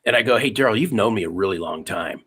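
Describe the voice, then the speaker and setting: A man's voice: lowish voice, expressive, fast, fairly bright tone, husky. A man in his fifties, a sales author and podcaster, telling his story in an interview with emphatic, repeated phrases. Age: 50s.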